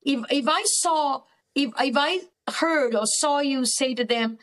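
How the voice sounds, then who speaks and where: A woman's voice: high voice, unhurried, hardly any pauses. A woman therapist guest speaking earnestly and emphatically, often repeating words for stress. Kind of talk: faith-based counselling conversation.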